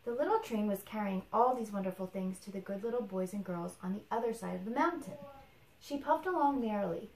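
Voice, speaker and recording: A woman reading a children's picture book aloud to a young child, expressive and patient. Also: medium pitch, brisk. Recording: roomy echo.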